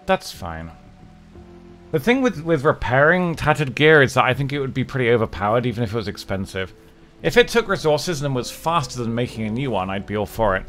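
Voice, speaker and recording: A man's voice: mid-range voice, a bit bright. A man casually talking his way through a strategy game as a streamer, chatting and muttering to himself and his characters. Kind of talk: casual gameplay commentary.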